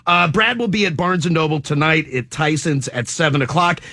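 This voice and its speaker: A man's voice: fairly high pitch, fairly quick, vocal fry, pushed and bright, no echo. A male morning radio host interviewing a guest in the studio, joking and teasing him. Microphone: studio microphone.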